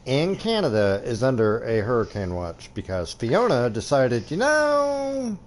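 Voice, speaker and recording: A man hosting a relaxed chat with fellow sim racers, easygoing and quick to laugh, on a headset mic. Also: medium pitch, a little hiss or hum.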